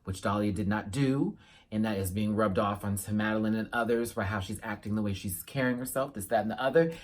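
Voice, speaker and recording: A man giving a casual reaction review to his viewers, animated and sassy, with playful asides. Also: lowish voice, a little fast. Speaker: YouTube reviewer.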